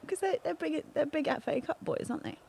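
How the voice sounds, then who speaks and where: A man's voice: very high-pitched, quick pace, creaky, darkish tone, slight background noise. A man co-hosting a live watchalong, ribbing the others with quizzical, teasing questions. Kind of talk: casual banter.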